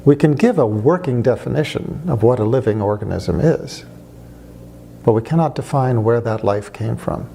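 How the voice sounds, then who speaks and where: A man talks through his argument, asking rhetorical questions and telling wry stories along the way. His voice is mellow and dark at mid pitch. A faint noise sits under the recording. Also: lively intonation, normal speed, gravelly. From United States. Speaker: speaker on religion. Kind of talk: conversational argument to camera.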